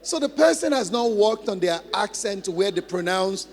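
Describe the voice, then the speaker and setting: A man's voice: sits high, measured pace. A male pastor giving a conversational teaching sermon, laughing often and repeating points for emphasis. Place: church hall. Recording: long church reverb, faint music.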